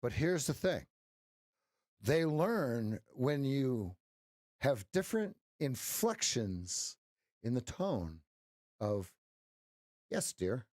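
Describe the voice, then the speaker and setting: Middle-aged man, trading stream host, jokey and chatty with viewers, mid pitch, dry close sound. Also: sing-song, very slow, pauses often, darkish tone, no echo. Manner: joking, talks straight to chat, folksy pep talk. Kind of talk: casual livestream chat with viewers.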